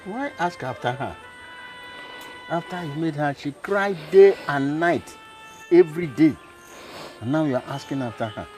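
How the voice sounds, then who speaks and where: A man's voice: a little high, lively intonation, a little slow, pauses often. An actor with a Nigerian English accent playing a stern, reproachful older father in a film scene. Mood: angry. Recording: film audio with loud music under.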